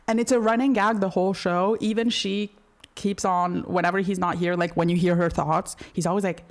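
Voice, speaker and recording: A woman talks through a show in a relaxed commentary, her voice sitting a little low for a woman. She is chatty and slangy, piling on fillers and side remarks as she explains. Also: a little fast. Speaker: video essay host. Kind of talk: casual commentary.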